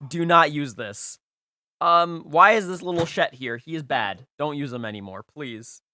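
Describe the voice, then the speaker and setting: A young man hosts a casual live stream, talking through viewers' game teams. His voice sits a little high and has a bright, forceful edge. He is emphatic and playful, hammering points home by repeating them. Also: normal speed, no room sound, clean studio sound. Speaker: livestream host rating viewers' game teams.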